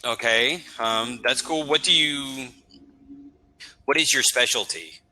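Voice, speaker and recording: A man's voice: medium pitch, takes it slowly, sharp tone, a little hiss or hum. A man from the United States tutoring English in an online lesson, patient and encouraging, often checking that he understood. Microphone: video call.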